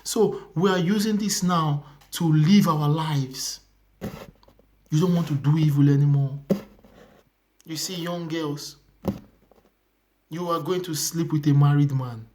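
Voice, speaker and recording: A young man with a Nigerian accent preaching a sermon, earnest and repetitive, sometimes dropping to a hushed whisper. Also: on the high side, steady tone, takes it slowly, pauses often, a little hiss or hum. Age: young adult.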